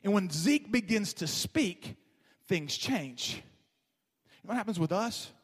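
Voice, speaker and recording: A pastor preaching a sermon in a church, with a passionate, repetitive preaching cadence. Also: male voice, high voice, animated, a little slow, husky. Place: church sanctuary. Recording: long reverb of a large hall.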